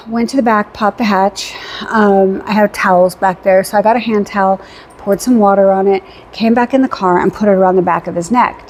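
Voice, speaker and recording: A woman's voice: mid-range voice, a little hiss or hum. A woman vlogger casually recapping her weekend, chatty and rambling with fillers, acting out what was said. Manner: animated retelling with quoted dialogue.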